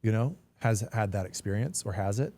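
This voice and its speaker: A man's voice: lowish voice, animated, a little fast, dark tone, a little hiss or hum. A man talking as a podcast guest in a casual, earnest conversation, reflective and prone to restarting his sentences.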